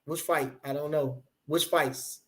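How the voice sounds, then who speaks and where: A man's voice: a little high, steady tone, a little slow. A man chatting casually on a livestream, reading out comments in rambling, repetitive, profane hype talk.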